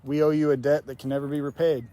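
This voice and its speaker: A man hosting a paranormal vlog, talking softly and reverently as he walks outdoors. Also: on the high side, little pitch movement, fast talker. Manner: soft-spoken, reverent, reads names aloud. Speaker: paranormal investigator host. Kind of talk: casual walking vlog narration. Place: outdoor cemetery. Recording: faint outdoor noise.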